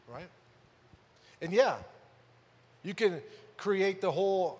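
Male pastor, high pitch, chatty sermon delivery with loud emphatic peaks, hall reverb. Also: slow, pauses often, husky. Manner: conversational preaching, rhetorical questions, rises to loud emphasis.

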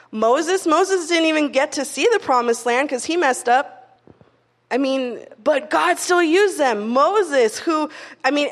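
A young woman with a high voice preaches in a relaxed, chatty way, telling stories full of "like" fillers. Her voice rings with the long reverb of a hall. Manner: chatty storytelling, frequent "like" fillers. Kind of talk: casual conversational sermon.

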